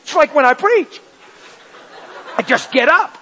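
A man preaching a sermon, telling an emotional personal story and building to loud, fervent passages. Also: very high-pitched, expressive, a little slow, low-quality recording.

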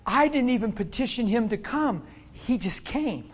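A man from Pennsylvania preaches a sermon in a high voice. He swings between shouting and hushed near-whispers. He laughs often along the way. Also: animated, normal speed, hardly any pauses, a little hiss or hum.

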